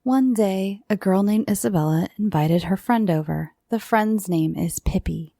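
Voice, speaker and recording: A woman's voice: mid-range voice, gravelly, mellow, no room sound, studio quality. A woman hosting a show of spooky bedtime stories for children, narrating dramatically and dropping into whispers at times. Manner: slow, dramatic with dips into whispers. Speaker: storyteller host. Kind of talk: bedtime scary story narration for kids. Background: faint music.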